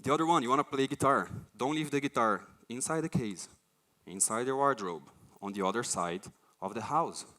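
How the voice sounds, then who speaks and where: A man's voice: mid-range voice, moderate pace. A man giving a conference talk, telling stories and acting out the voices of people and things he quotes. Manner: animated storytelling, acts out quoted voices. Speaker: conference speaker.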